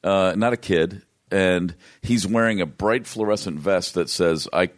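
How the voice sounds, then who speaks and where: Low-voiced man telling a road story. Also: measured pace. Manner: rambling, restarts, laughs while telling. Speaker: guest musician. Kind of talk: casual storytelling.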